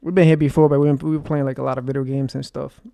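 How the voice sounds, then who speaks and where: A man's voice: mid-range voice, little pitch movement, quick pace, vocal fry, mellow, dry recording. A man, a streamer, talking in a rambling, agitated monologue, cursing often and repeating himself with lots of fillers. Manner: rambling, profane, with frequent fillers and repeated phrases.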